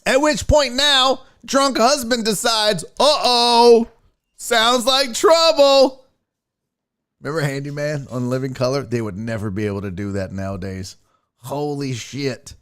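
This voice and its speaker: A man hosting a sports show, casually breaking down a video clip in animated, profane commentary. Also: medium pitch, normal speed.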